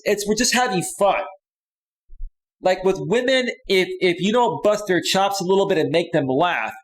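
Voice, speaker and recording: A male dating coach talks through a live stream, reading viewers' chat comments aloud and answering them in an emphatic, conversational way. His voice sits a bit higher than most men's. He keeps checking in with "right?" as he makes his points. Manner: emphatic, repeats "right?" often.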